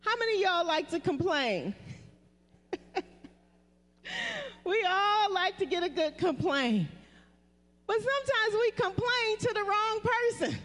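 Very high-voiced woman pastor preaching. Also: a bit bright. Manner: call-and-response preaching, repeating phrases. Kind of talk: sermon. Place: church sanctuary. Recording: long church reverb.

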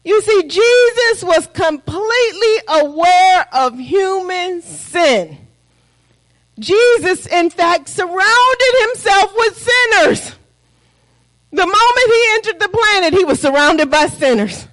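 A woman's voice: very high voice, animated, slow, fairly bright tone, low-quality recording. A woman preaching a sermon, asking the congregation rhetorical questions and calling for responses.

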